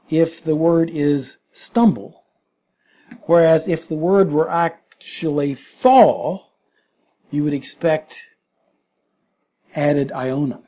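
A male preacher works through a Bible passage word by word, pressing each point home with emphasis. His voice sits a little high, yet it sounds mellow and husky. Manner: emphatic, explains scripture word by word. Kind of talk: expository sermon.

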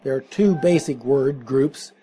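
A man's voice: medium pitch, unhurried, warm tone, slight background noise. A man teaching a Bible class verse by verse, explaining Greek words and asking his listeners questions.

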